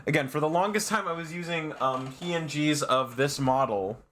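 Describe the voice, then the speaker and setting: A man streamer chatting casually on a live stream, rambling with fillers and laughs, and often jumping to high, shrieking protests. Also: normal speed, fairly bright tone, a little hiss or hum.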